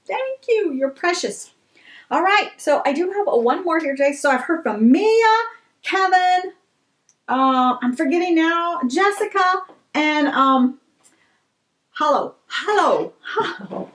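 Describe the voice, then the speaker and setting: Her voice very high and unhurried, a woman chats casually in a vlog as she opens fan mail. She's excitable and effusive, letting out gasps and squeals as she exclaims over what she finds.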